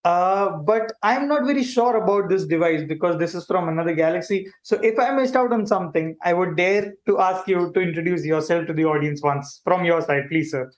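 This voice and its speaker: A man playing a friendly alien who hosts a kids' livestream, animated and chatty, talking straight to viewers. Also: sits high, brisk, few pauses, lightly acted. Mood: cheerful. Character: friendly male alien visitor hosting a kids' stream. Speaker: livestream host. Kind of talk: playful kids' livestream hosting.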